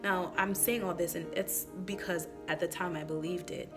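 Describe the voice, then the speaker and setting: A woman's voice: lowish voice, steady tone, normal speed, over music. A woman telling a heartfelt personal testimony in a conversational way, tearful at times, using many fillers. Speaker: church member sharing a personal testimony. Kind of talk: emotional personal testimony vlog.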